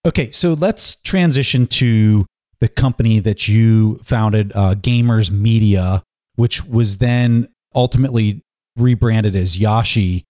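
A man with a fairly low voice hosts an interview, asking questions and chiming in with brief, supportive remarks. The sound is dry and close to the mic. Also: takes it slowly, a little mellow, no echo. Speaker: podcast host.

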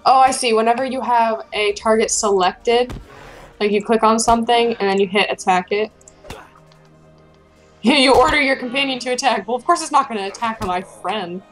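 A woman's voice: on the high side, moderate pace, soft background music. A young woman hosting casual gameplay chat, chatty and helpful as she guides a friend and playfully reads game lines aloud. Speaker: gameplay host guiding a friend.

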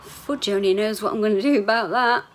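A woman's voice: medium pitch, brisk, slight background noise. A woman, rambling candidly in a chatty video diary, sometimes swearing. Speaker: vlogger.

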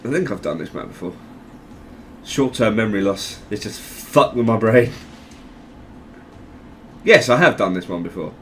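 Guy chatting over his game, lively up-and-down voice, cracks jokes and yells at stuff, bit of hiss behind. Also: lowish voice, moderate pace, long pauses. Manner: jokey, rambling, laughs often, bursts into loud exclamations. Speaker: gameplay commentator. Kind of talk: casual gaming commentary.

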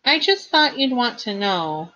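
A jittery teenage satyr boy, put on by a woman reading a storybook aloud, his husky voice pushed up high and tight with worry. He sounds a touch louder than the narration, and the lo-fi recording dulls it slightly. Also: sing-song, unhurried, full character voice. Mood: nervous. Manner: anxious, high-strung delivery.

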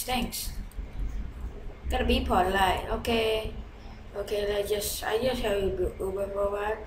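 Woman gamer rambling live over her match, slow talker, jumpy mutters and yells, roomy echoey mic with a bit of hiss. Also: medium pitch. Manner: excitable, chatty, swings from mutters to shouts. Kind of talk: live gameplay commentary.

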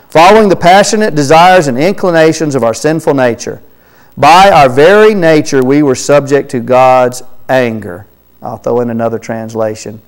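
A man preaching in a church sanctuary, his voice sitting a little higher than most. He reads scripture with swelling emphasis, then drops into soft, low-key asides to the congregation. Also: rough recording. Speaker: pastor. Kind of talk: sermon, reading scripture aloud.

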